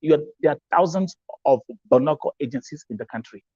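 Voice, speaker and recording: A man's voice: fairly high pitch, expressive, quick pace, warm tone, slightly rough, dry recording, muffled recording. A man from Kenya with a Kenyan English accent hosts a live-stream talk show, speaking emphatically, repeating himself, mixing in Swahili phrases and reading out viewer comments.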